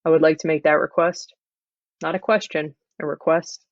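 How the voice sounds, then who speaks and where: A performer doing an improvised in-character interview in a flat, deadpan way. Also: mid-range voice, normal speed, no echo. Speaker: improv comedy guest. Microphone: video call. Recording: dull lo-fi video call audio.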